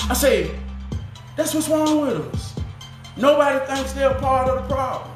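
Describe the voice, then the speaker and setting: A man's voice: very high voice, fairly bright tone, echoey room. A man giving a fiery, profane, preaching rant to the camera.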